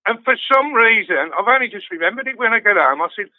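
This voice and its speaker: Sweary high-voiced older man on a phone line. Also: expressive, quick pace, no echo. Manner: swears constantly, storytelling with laughs. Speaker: guest fan. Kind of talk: casual chat. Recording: dry tinny phone line.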